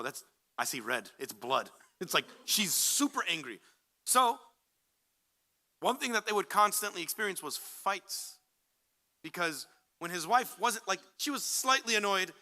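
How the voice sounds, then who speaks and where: A man with a very bright, forceful voice pitched a little above the usual, talking casually to a crowd of young people. He answers their questions with jokes and acts out the people in his stories. His delivery stays animated and playful. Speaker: Islamic speaker answering questions. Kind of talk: casual talk to a young audience.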